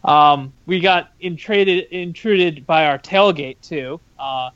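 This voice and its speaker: A man co-hosting a casual sports chat, telling a story in a relaxed way. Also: on the high side, takes it slowly, no echo. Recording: dull dry podcast audio.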